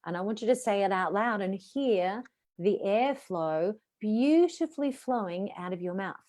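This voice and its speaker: An Australian woman who coaches voice and presentation skills leads a live online workshop, reading questions aloud and answering them. Her mid-range voice is unhurried, with lively, varied inflection.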